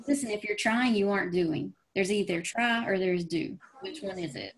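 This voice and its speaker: A woman's voice: medium pitch, normal speed, few pauses. A woman, giving an emphatic motivational talk on a team call and acting out the voices in her stories. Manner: emphatic storytelling, acts out quoted voices. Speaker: network marketing team leader.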